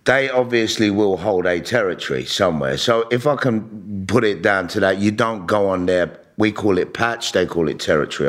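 A middle-aged man, telling stories bluntly and profanely, often restarting his sentences. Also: fairly low pitch. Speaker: interviewee. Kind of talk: candid storytelling.

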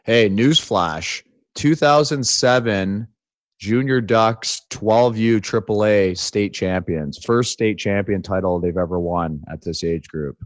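A man's voice: lowish voice, measured pace, no room sound. A man in his forties co-hosting a podcast in casual, joking chat, telling stories and tagging lines with "right?". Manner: joking, storytelling, says "like" and "right?" often. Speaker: podcast co-host.

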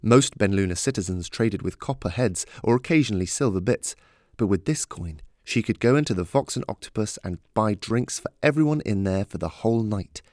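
A man narrating a fantasy story in a steady, measured reading. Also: on the low side, no room sound, clean studio sound.

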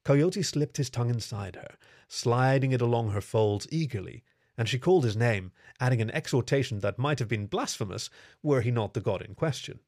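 A man reading a story aloud in steady, even scripted narration. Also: mid-range voice, moderate pace, no room sound, clean studio sound.

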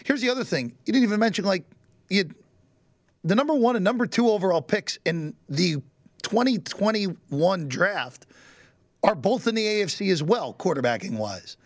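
A man's voice: high-pitched, expressive, normal speed, no echo. A man talking sports as a guest analyst, earnest and often restarting with "look". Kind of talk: casual sports talk.

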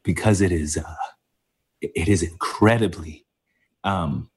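Man on the verge of tears, halting. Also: low-pitched, a little hiss or hum. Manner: halting, many pauses and fillers, fighting back tears. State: emotional, close to tears. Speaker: interview guest. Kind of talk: emotional personal storytelling.

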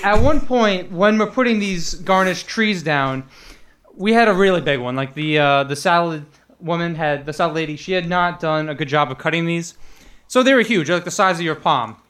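A young man with a slightly bright voice and moderate pace tells restaurant stories in casual chat. He laughs often and acts out quotes in a higher voice.

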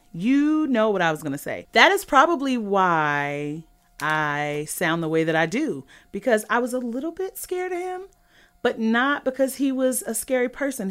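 A young woman from California hosting a casual podcast chat, sassy and animated, laughing often and swinging between loud claims and low asides. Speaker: podcast host.

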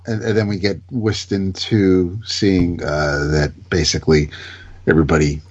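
A low, husky-voiced man on a casual podcast, stumbling and restarting his sentences. The recording is dull and lo-fi. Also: little pitch movement, measured pace, a little mellow. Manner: hesitant, stammers and restarts. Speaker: podcast co-host. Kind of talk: casual chat.

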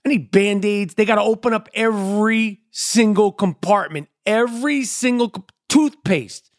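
A man's voice: sits high, normal speed. A middle-aged man, ranting in a crude, rambling comedy monologue full of repetition and swearing.

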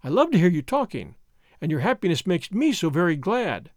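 A man voicing an anxious young noblewoman who speaks with strained, forced warmth in a storybook reading. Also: high voice, very animated, a little fast, no room sound, studio quality. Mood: forced cheer. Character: anxious young noblewoman hiding her fear.

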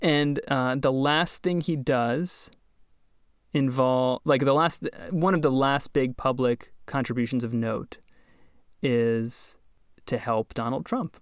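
A man's voice: mid-range voice, takes it slowly, smooth, no room sound. Chatty wry man, dry close mic. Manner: chatty, wry, laughs often. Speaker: podcast host. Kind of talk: casual storytelling chat.

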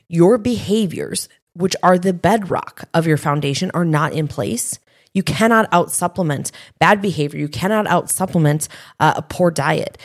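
A woman co-hosting a podcast in relaxed, casual chat, with loose phrasing full of fillers. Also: lowish voice. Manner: relaxed, filler-heavy, lots of "like". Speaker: podcast co-host.

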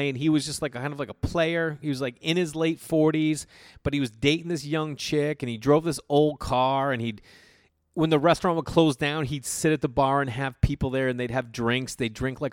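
A man's voice: mid-range voice, fairly even intonation, moderate pace, clean tone, no echo. Male podcast host, rambling profane storyteller, dry close sound. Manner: rambling, profane, frequent fillers and restarts. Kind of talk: casual solo storytelling.

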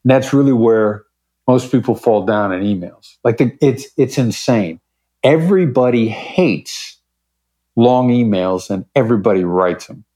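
This negotiation expert, interviewed on a podcast, has a medium-pitched, expressive, mellow voice and speaks a little slowly. He comes across confident and emphatic, acting out brief examples in the conversation.

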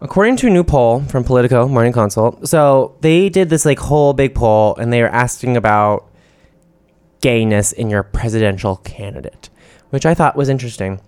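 Chatty, campy man with a smooth voice. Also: mid-range voice, lively intonation, moderate pace, darkish tone, no echo. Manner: chatty, campy, swears casually. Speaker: podcast co-host. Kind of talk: casual chat. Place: New York City.

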